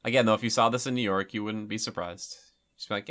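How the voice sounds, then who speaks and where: A man's voice: fairly low pitch, steady tone, fast, fairly bright tone. A man giving casual commentary over a film, chatty and rambling, with lots of filler words.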